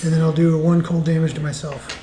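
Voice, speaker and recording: Man, high mellow voice, joking tabletop player, echoey room. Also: flat delivery, fast, background noise. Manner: casual, joking. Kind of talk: playing a tabletop game. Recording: echoey room with faint music.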